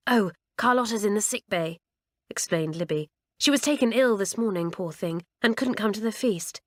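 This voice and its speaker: A woman voicing a stubborn, earnest schoolgirl in an audiobook, pitching her voice up. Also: expressive, normal speed, dry recording, clean studio sound, lightly acted. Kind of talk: audiobook character reading.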